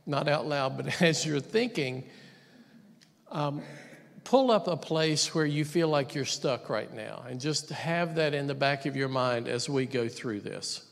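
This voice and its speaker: High-voiced man preaching in a hall. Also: measured pace, vocal fry. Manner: conversational preaching with asides and humor. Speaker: pastor. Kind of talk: sermon.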